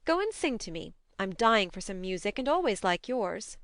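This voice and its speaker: Brief: spirited, impulsive young woman read by a woman, smooth and close, audiobook. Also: mid-range voice, dry recording. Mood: brisk teasing. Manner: brisk, lively, impulsive. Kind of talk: audiobook narration.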